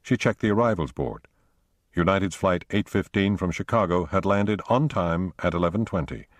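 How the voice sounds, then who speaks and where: A man reading a thriller audiobook aloud in a measured, steady narration. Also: deep voice, dry recording. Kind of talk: scripted narration.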